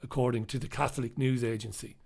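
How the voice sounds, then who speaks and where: A man's voice: medium pitch, fairly even intonation, fast talker, vocal fry, a little mellow. A man hosting a live news review show, talking alone to his audience in an impassioned, emphatic way. He repeats his points for weight and speaks bluntly, swearing now and then. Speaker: show host reviewing newspapers. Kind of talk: live solo commentary on the news.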